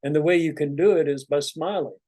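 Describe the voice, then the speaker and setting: A man talking to his students as a meditation teacher, in a loose, rambling conversational way. His voice is mellow and soft-edged, and the recording is dry and close, with no room sound. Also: fairly high pitch, brisk, no room sound. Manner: relaxed, rambling, conversational, many "you know"s. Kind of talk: informal spiritual talk to students.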